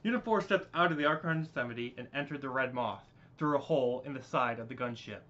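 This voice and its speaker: A man's voice: medium pitch, fast talker, pushed and bright. A man narrating a homemade story, reading with stumbles and restarts on a dull lo-fi recording.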